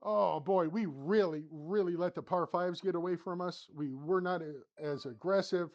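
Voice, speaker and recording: A man's voice: high voice, normal speed, lo-fi sound. A man hosting a sim golf channel, talking through his own round shot by shot, muttering to himself and swinging between flustered and upbeat. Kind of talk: casual play-by-play commentary. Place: home golf simulator studio.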